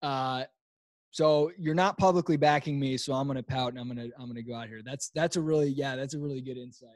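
A man's voice: mid-range voice, quick pace, no echo. Easygoing male host, dry sound. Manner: laughs easily, chimes in, affirming. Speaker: podcast host. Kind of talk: casual conversation.

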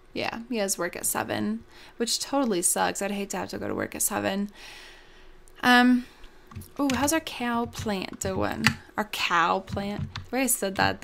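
A woman's voice: medium pitch, fairly bright tone, slight background noise. A young woman hosting a casual gameplay commentary, bubbly and gushing, with lots of ums. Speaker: let's play host.

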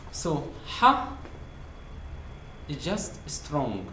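An Egyptian-accented man teaches a language lesson at an unhurried pace, repeating each sound patiently in plain, simple phrasing. His voice carries a noticeable room echo. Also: on the high side, animated, a little hiss or hum. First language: Arabic. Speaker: Arabic teacher. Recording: roomy echo.

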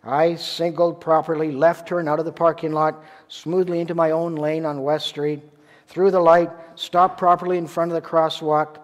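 A man's voice: fairly high pitch, flat delivery, normal speed. A man from Ontario, Canada, preaching a sermon as a pastor, telling a story in a conversational way with rhetorical questions. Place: church sanctuary. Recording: long church reverb.

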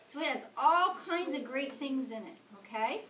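A woman reading a picture book aloud to a kindergarten class, slowly and expressively, often checking in with the children. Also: high voice, slight background noise. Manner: slow and expressive, asking the children questions. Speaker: storyteller. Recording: echoey classroom from far off.

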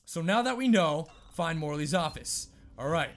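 A young man giving casual let's-play commentary on a horror game, swearing often, muttering to himself and bursting into yells. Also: fairly high pitch, lively intonation, normal speed, vocal fry, soft background music. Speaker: gaming video host.

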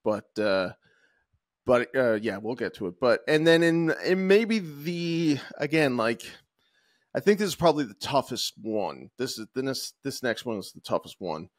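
A man co-hosting a talk podcast, rambling through his points with lots of "um" and "uh" and restarted sentences. His voice sits at an ordinary middle pitch, recorded close and dry with no room sound. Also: no echo. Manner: rambling, many fillers and restarts. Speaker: podcast co-host. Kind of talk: casual chat.

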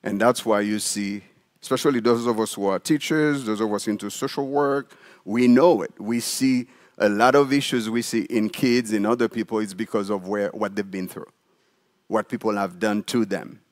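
Animated pastor preaching a sermon. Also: male voice, fairly low pitch, moderate pace. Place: church sanctuary.

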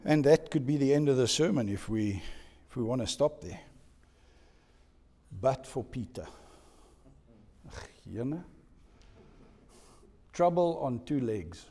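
A male pastor preaching a sermon, dropping to a hush and then rising to loud emphasis. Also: mid-range voice, lively intonation, takes it slowly, long pauses. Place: church hall. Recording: echoey church hall.

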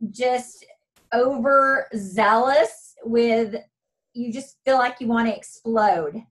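A woman taking part in a video call meeting, answering slowly and searching for her words. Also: fairly high pitch, low-quality recording. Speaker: meeting participant.

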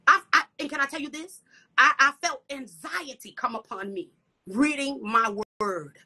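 High, bright-voiced fervent woman preacher. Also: moderate pace. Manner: breathy whispered asides, repeated "come on" and "hallelujah". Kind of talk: fervent sermon with prayer.

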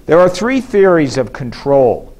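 A man's voice: fairly high pitch, sing-song, darkish tone. Man giving an academic lecture. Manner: measured, explanatory, with frequent fillers and restarts. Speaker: scholar giving a conference presentation. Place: conference hall.

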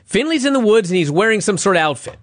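Male co-host, exasperated profane ranter, high voice that leaps all over, dry close sound. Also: big pitch swings, fast talker, no echo. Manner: exasperated, profane, ranting with sudden high outbursts. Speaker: podcast co-host. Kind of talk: casual chat, ranting.

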